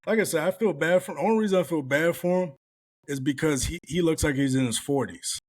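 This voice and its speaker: A man's voice: a little high, fast. A man hosting a podcast, telling stories in a blunt, profane, casual way. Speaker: podcast host. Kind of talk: casual chat.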